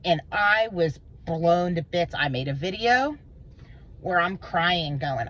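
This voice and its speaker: A woman vlogging an emotional personal monologue, intense and rambling, swearing and swinging between low and high pitch. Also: lively intonation, slow pace, a bit bright, highs cut off, slight background noise.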